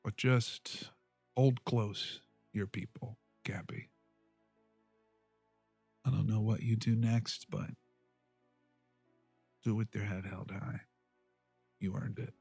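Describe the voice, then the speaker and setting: A man voicing a quiet, awkward male mentor who speaks softly and haltingly. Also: on the low side, fairly even intonation, gravelly, husky, no room sound, faint music behind, exaggerated voice. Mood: tender. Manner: soft-spoken, halting, gentle.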